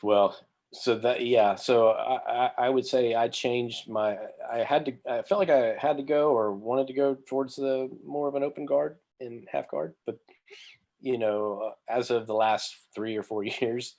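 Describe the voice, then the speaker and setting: A man's voice: medium pitch, steady tone, measured pace, darkish tone. A man talking as a guest on a podcast over a video call, rambling with fillers and poking fun at himself. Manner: rambling, self-deprecating, many fillers. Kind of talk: casual interview chat.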